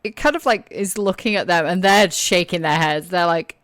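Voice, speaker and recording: Low-voiced woman running a tabletop game. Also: moderate pace, fairly bright tone, no room sound. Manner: casual, many "kind of, like" fillers. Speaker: game master. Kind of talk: tabletop role-play narration.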